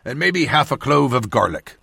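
A man voicing a gruff, bossy soldier who cooks for the group, with curt, firm lines. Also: medium pitch, big pitch swings, moderate pace, bright, forceful tone, no room sound, exaggerated voice. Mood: instructing. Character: gruff middle-aged soldier brother, bossy cook.

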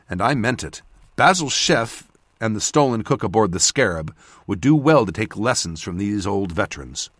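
Expressive man narrating an audiobook. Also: low-pitched, no room sound, clean studio sound. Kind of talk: scripted first-person narration.

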